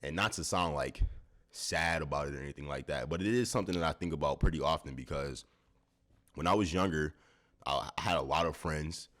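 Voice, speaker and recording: A young man vlogging to camera early in the morning, a bit tired, speaking in a thoughtful, unhurried way with many fillers. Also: rumbling low, a bit bright. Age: young adult. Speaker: YouTuber. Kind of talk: reflective talking-to-camera vlog.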